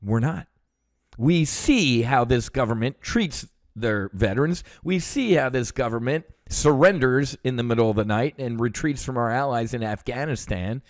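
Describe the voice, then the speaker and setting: An American veteran who hosts a show tells a story in a casual, heated monologue, ranting with lots of fillers and swearing. His voice sits in the mid range and is animated, at a moderate pace. The recording is dry and studio quality.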